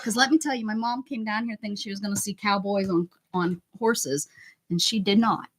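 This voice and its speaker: Crafting an art journal page live, this creator keeps up a playful conversation with her chat, full of jokes and exclamations. Her voice is medium-pitched, husky, and fairly bright, and she talks briskly.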